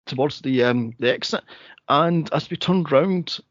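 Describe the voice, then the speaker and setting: A Scottish man with a slightly higher voice tells a story in a casual chat. He is animated and loose, swears freely, and laughs through his own tale. The recording is dry and close, with a muffled lo-fi quality. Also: unhurried, no room sound. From Scotland. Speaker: podcast co-host.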